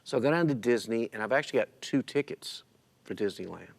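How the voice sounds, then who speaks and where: Man, gravelly, tearful, storytelling, casual testimony. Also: medium pitch, lively intonation, quick pace. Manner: emotional, storytelling, quotes himself and others. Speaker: church member sharing his story. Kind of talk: personal testimony in a casual interview. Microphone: church stream recording.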